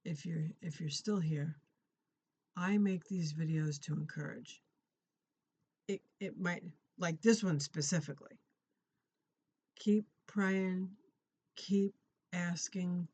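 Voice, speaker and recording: A middle-aged vlogger shares a personal prayer testimony in an earnest, conversational way. Phrases are often repeated and restarted. The audio is a little dull and lo-fi, and the pitch sits in a middle range. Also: steady tone, a little slow, darkish tone, husky. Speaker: Christian encouragement vlogger. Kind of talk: personal testimony and faith encouragement.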